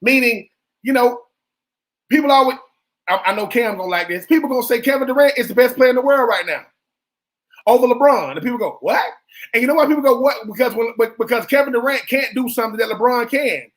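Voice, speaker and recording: A man's voice: very high-pitched, a bit bright. A man co-hosting a sports radio show, a former college football player making his case with emphatic, repeated points.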